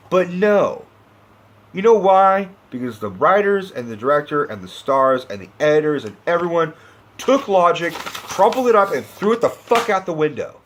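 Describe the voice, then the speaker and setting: A man's voice: high voice, sing-song, fairly quick, fairly bright tone. A young man giving a profane, impassioned movie-review rant, sarcastic and acting out characters as he goes.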